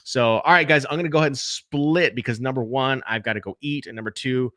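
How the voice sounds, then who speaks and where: A man's voice: mid-range voice, quick pace, fairly bright tone, no room sound, studio quality. A man hosting a casual live-stream Q&A about podcasting, chatting loosely and speaking straight to his viewers. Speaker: podcast host.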